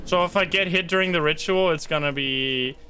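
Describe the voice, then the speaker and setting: A man streaming a horror game live, reacting excitably, swearing often and chanting to himself as he plays. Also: a little high, a little fast, clear, resonant tone. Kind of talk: live gameplay commentary.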